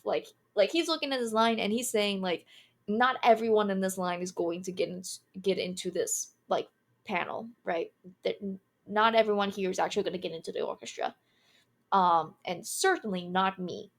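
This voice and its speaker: Casting note: twenty-something woman, candid, animated storyteller. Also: mid-range voice. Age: 20s. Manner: animated, candid, laughs through the telling. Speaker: streamer. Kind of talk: casual storytelling.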